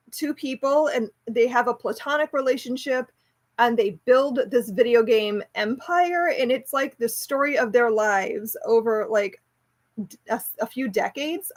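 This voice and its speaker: A woman hosting a casual book club chat, rambling and enthusiastic, laughing easily and restarting her sentences often. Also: a little high. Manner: chatty and rambling, with many restarts and fillers. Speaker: homeschool book club host.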